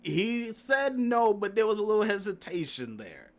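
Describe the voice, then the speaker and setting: A man's voice: sits high, big pitch swings, normal speed. A man giving a loose, slangy commentary recap of a livestream, laughing often and rambling through fillers and restarts. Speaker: commentary YouTuber. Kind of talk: casual stream recap commentary.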